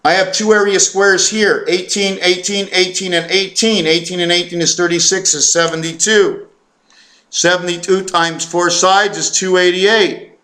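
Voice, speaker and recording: A man with a fairly high-pitched voice talks straight to the viewer in a rambling, self-interrupting monologue. He stumbles over words, fills pauses with "uh" and "um", and reels off long chains of numbers at a hurried clip. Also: fairly even intonation, sharp tone. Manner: hesitant, stumbling, full of fillers and self-corrections; fast, run-on counting and reciting of numbers. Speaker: vlogger. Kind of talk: rambling numerology monologue to camera.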